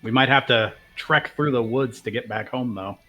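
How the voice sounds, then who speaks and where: A man's voice: mid-range voice, moderate pace, pushed and bright. Player guy telling what his character does, mid voice. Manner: narrating his character's actions. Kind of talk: tabletop game play.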